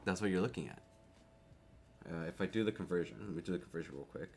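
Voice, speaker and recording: Young Canadian-born guy, lowish voice, chatty live streamer, excitable, laughs a lot, repeats words. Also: quick pace. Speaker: keyboard streamer. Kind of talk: casual live-stream chat.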